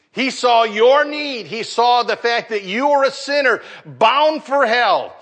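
Male pastor, middle-aged, unhurried sermon delivery, high voice, emphatic then trailing off. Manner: preaching with rising emphasis and trailing soft endings.

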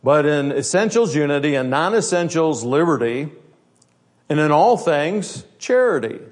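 A man's voice: fairly high pitch, very animated, unhurried. A man preaching a sermon as pastor, blunt and emphatic, with many rhetorical questions.

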